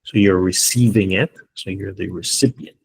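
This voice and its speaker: A man with a deep, gravelly, darkish voice teaches English online, speaking steadily at a moderate pace. He explains things patiently one step at a time and frequently checks on his students. The sound comes from a computer mic on a video call, so it's slightly rough and low in quality.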